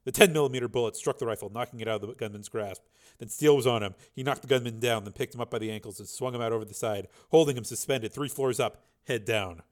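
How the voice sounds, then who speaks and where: A man narrating an action audiobook in a steady, driving read with a gravelly voice. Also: medium pitch, fast.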